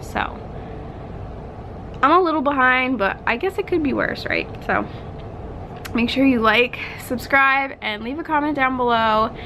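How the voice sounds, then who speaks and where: A woman's voice: sits high, lively intonation, unhurried, long pauses, bright, forceful tone, rough recording. A young woman chatting casually in a home vlog, rambling with lots of "like", a little out of breath. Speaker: vlogger. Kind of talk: casual pregnancy update vlog. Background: washing machine hum.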